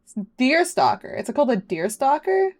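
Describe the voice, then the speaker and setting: A woman's voice: high voice, sing-song, moderate pace. A woman streaming a game, chatting casually and laughing at herself as she plays. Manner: chatty, self-deprecating, laughs often. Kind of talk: casual live game commentary.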